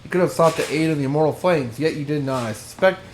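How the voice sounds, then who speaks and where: A man's voice: a little high, fast, a little hiss or hum, close to an everyday voice, poor audio. A man reading as a stern interrogating knight.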